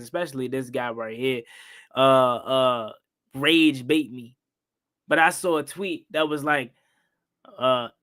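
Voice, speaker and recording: A young man hosting a live-stream football recap, excitable and repetitive, ranting and questioning the calls. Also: medium pitch. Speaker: sports talk host.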